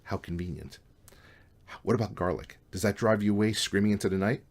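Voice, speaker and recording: A man voicing a skeptical, sarcastic young male roommate in a dry, deadpan way. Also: fairly low pitch, brisk.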